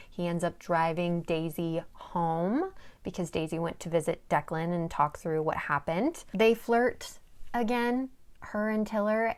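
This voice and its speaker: A woman's voice: lowish voice, clear, resonant tone. A young woman casually recapping a novel's plot, chatty and dramatic, swearing and making asides, sometimes reading passages aloud. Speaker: book summary vlogger.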